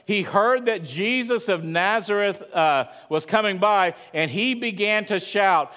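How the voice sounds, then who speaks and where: Male preacher, high voice, conversational, asks the congregation questions, church sermon. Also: a little slow, pushed and bright. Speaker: pastor.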